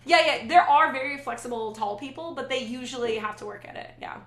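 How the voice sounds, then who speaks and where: A middle-aged woman hosts a casual livestream and rambles through viewer comments with easy asides. Her voice is bright and sits a bit high for a woman, and the room around her has a noticeable echo. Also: a little fast, a little hiss or hum. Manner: chatty and rambling, with frequent restarts and asides. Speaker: livestream host.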